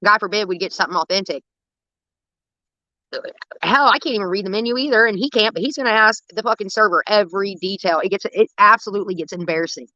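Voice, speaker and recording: A woman's voice: mid-range voice, quick pace, bright, forceful tone, muffled recording. A young woman chatting on a livestream, telling rambling, profane stories about her dad. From United States. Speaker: livestream host. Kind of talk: casual storytelling.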